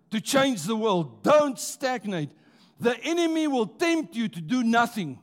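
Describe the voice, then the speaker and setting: In a church, a man delivers a stirring sermon in a very high, sing-song voice, slowing down to stress his points and urging the congregation to answer back.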